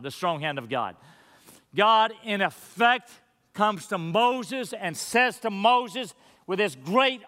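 Man, pastor, sermon, earnest, emphatic, high voice, church sanctuary. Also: bright, forceful tone. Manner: earnest, emphatic, slowing on key words. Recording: long hall reverb.

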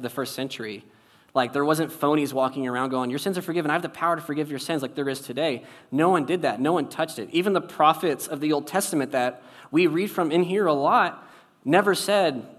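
A man preaching a conversational sermon, wry and casual, shifting between loud and soft for emphasis. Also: medium pitch. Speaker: pastor.

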